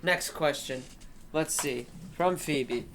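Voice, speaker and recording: A man's voice: on the high side, slow pace, a little hiss or hum. A man co-hosting a podcast in casual chat, reading out listener questions and laughing often. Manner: laughs often, easily excited.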